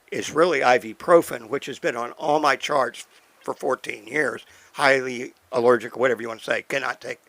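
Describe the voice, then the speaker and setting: A man's voice: mid-range voice, creaky, sharp tone, rough recording. An older man in a studio, telling a personal story in a folksy, wry way and acting out the conversations. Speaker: podcast co-host. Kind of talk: casual storytelling.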